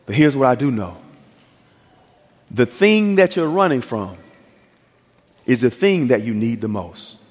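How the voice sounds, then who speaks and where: A man's voice: mid-range voice, sing-song, measured pace, pauses often. A male pastor preaching a sermon, telling a story with acted-out dialogue and building to emphatic peaks. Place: church sanctuary. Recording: reverberant church hall.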